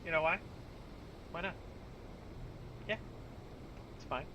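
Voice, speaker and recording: A man doing casual let's-play commentary, talking to himself with sudden shouts and mutters. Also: a little high, slow, muffled recording, noisy background. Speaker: gaming YouTuber.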